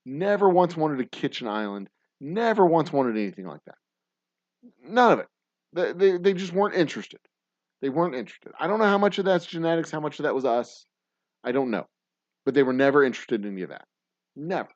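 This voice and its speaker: A man's voice: a little high, expressive, a little fast, no room sound. A man in his forties hosting a casual chat show, rambling and swearing, with lots of restarts. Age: 40s. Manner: rambling and profane, many restarts. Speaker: podcast host. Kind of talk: casual chat with live viewers. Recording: dull dry lo-fi sound.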